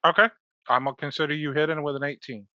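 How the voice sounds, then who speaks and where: A man narrating a tabletop game as game master, relaxed and hesitant with many fillers, heard over a dull online call. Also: fairly high pitch, fast talker, dry recording.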